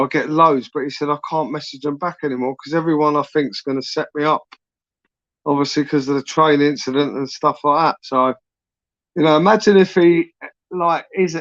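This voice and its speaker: A man hosts his channel in a loose, rambling live chat, peppering his talk with swearing and "innit". His voice sits a touch high. The sound is dry and a little dull, with no room around it. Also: no echo. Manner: rambling, sweary, frequent tag questions. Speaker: YouTube channel host. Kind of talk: casual live-stream chat.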